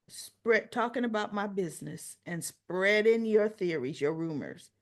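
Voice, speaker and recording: Slow, animated woman recapping a soap. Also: medium pitch. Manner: animated storyteller, acts out quoted dialogue. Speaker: soap opera recap host. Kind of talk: casual retelling of scenes.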